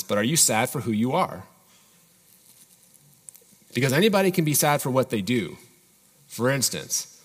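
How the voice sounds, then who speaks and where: A man's voice: medium pitch, fairly bright tone, in a large hall. A man preaching a sermon as pastor, earnestly putting searching questions to his congregation.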